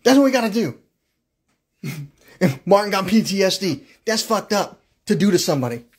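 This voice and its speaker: A man's voice: sits high, lively intonation, normal speed. A man on a livestream, ranting in an agitated, profane monologue, firing off repeated questions, stumbling over words and breaking into laughter. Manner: frequent bursts of laughter mid-rant. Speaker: live streamer.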